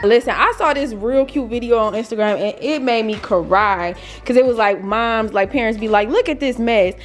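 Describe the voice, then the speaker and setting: A young mother, chatting casually in a home vlog, playful and quick to laugh with her kids. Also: a little high. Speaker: family vlogger and mother. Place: home, indoors.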